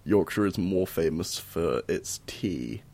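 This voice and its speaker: A young man on a casual gaming podcast, throwing in dry, teasing remarks. His voice is low but swings animatedly up and down. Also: expressive, takes it slowly, gravelly, a little mellow. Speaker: podcast co-host.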